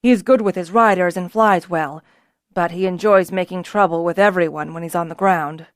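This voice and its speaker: A woman narrator voicing a calm, authoritative male dragonrider leader in a fantasy audiobook, firm and steady. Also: on the low side, moderate pace, dry recording, clean studio sound, close to an everyday voice.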